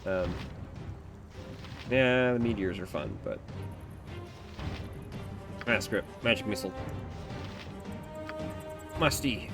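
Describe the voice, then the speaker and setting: A man's voice: fairly low pitch, takes it slowly, pauses often, over music. A young adult man streaming a video game, giving chatty, rambling commentary with lots of fillers. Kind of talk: casual let's-play commentary.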